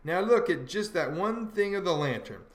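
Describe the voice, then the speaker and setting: A man's voice: high voice, expressive, normal speed. A man voicing a bossy, know-it-all teenage boy who lectures in folksy dialect, in an audiobook reading. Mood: lecturing. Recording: roomy echo.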